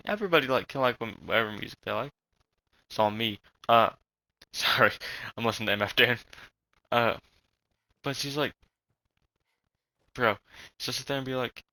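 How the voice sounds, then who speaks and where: A young man with a slight Southern accent rants loosely and swears often as he plays. His voice is bright and tense, and the recording is dry with no room sound. He talks in a rambling way and keeps restarting his sentences. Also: medium pitch, unhurried, gravelly, long pauses, no echo, low-quality recording. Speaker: vlogger. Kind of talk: rambling casual rant.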